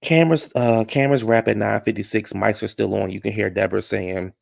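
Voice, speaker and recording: A man's voice: fairly low pitch, flat delivery, a little fast, vocal fry, no echo, studio quality. A man recapping a reality show in casual, blunt, profane commentary.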